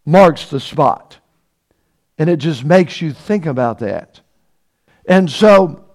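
A man preaching a sermon, emphatic and repetitive, often asking the congregation questions. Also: high-pitched. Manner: emphatic, repeats key phrases, asks the congregation questions.

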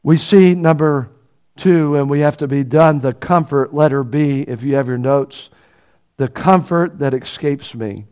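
A man preaching a sermon, asking the congregation rhetorical questions and building to loud, emphatic peaks. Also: fairly high pitch, unhurried, clear, resonant tone.

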